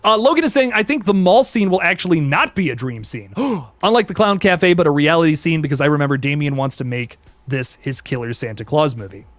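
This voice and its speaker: A young man hosts a casual live stream, chatting loosely with viewers in an excitable, slangy way. His voice sits a bit high and swings widely in pitch. The sound is close and dry, with no room around it. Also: brisk, dry recording, soft background music. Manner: excitable, laid-back slang, frequent laughs and restarts. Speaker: youtube host reading live chat.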